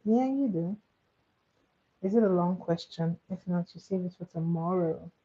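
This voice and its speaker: A woman's voice: on the low side, moderate pace, dark tone, breathy edge. A woman hosting a casual live stream, chatty and laughing often as she answers viewers' comments. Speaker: livestream host. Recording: tinny phone-like audio.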